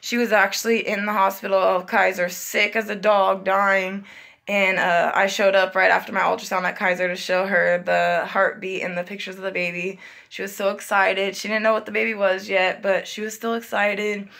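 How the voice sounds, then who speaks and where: A woman's voice: mid-range voice, flat delivery, moderate pace, gravelly, a bit bright. A young woman telling a personal story in a casual, chatty vlog style, acting out the voices of people she quotes. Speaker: vlogger.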